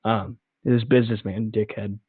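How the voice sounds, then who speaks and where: Young guy rambling excitedly about films, lowish voice, tinny phone-ish sound, real dry. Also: moderate pace, husky, no echo. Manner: rambling, enthusiastic, acts out movie scenes. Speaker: podcast co-host. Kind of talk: casual chat.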